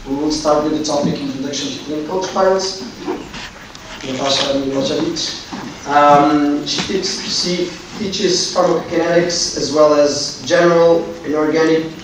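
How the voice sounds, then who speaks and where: A man moderating a symposium, introducing the next speaker formally with pauses and fillers. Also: a little high. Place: large lecture hall. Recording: echoey hall, distant mic, noisy.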